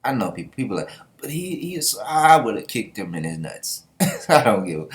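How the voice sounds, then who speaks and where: A man's voice: on the low side, big pitch swings, normal speed. A young man giving casual, sarcastic manga reaction commentary and laughing often.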